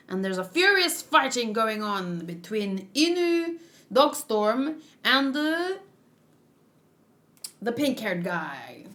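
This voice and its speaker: A woman's voice: medium pitch, fairly bright tone. A young woman reading a manga aloud with casual commentary, playful and giggly, making her own sound effects. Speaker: manga read-along host.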